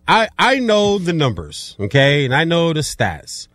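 A man co-hosting a casual sports debate, chiming in with quick remarks and dry sarcasm. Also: fairly high pitch, huge pitch swings, fairly bright tone, no echo. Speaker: sports talk co-host.

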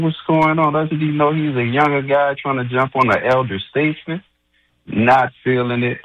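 A man with a fairly low voice calls in to complain. He is indignant and mocking. The sound is dry and close-miked. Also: no echo, highs cut off. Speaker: caller. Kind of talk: call-in rant.

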